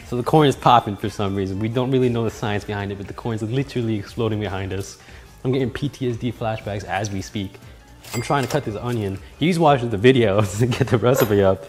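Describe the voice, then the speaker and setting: A man's voice: lowish voice, brisk, soft background music. Joking man narrating his cooking. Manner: joking, self-mocking, with loud startled outbursts. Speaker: cooking video host. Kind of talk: casual cooking vlog narration.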